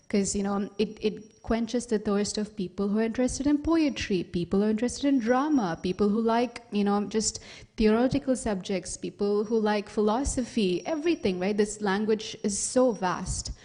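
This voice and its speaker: A woman giving a conversational sermon at a temple Sunday class, with frequent pauses and fillers. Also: medium pitch, dark tone. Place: temple hall.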